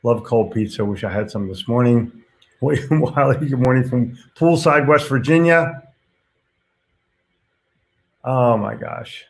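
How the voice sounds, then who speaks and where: A man's voice: medium pitch, vocal fry. A man hosting a casual live stream, reading viewer comments aloud and reacting to them in a blunt, chatty way with casual swearing.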